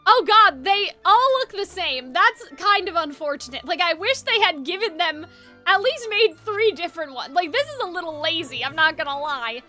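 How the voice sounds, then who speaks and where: A woman streaming a game, reacting in excitable, laughing commentary. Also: extremely high pitch, moderate pace, soft background music.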